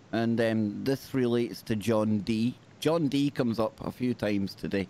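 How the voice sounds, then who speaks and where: A man's voice: on the low side, measured pace, hardly any pauses, mellow. A man hosting a talk show, chatting casually and reading an article aloud, with small slips and self-corrections. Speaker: show host.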